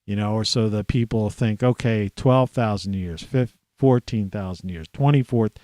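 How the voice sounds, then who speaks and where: A man's voice: lowish voice, moderate pace, warm tone, no room sound. A middle-aged man ranting in a rambling, profane monologue, restarting his sentences and swearing often. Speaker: video blogger.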